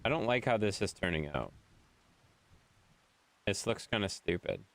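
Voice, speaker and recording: A man's voice: lowish voice, sing-song, unhurried, vocal fry. A man from Wisconsin with a Wisconsin accent, streaming a game and bantering with his chat in a playful, mock-exasperated way.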